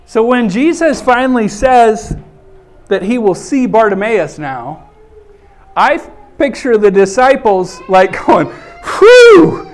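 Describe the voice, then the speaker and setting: A man's voice: high-pitched, slow pace. A man preaching a folksy sermon and reading scripture, often saying "okay" and acting out scenes in a raised voice. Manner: animated, acts out scenes in raised voice.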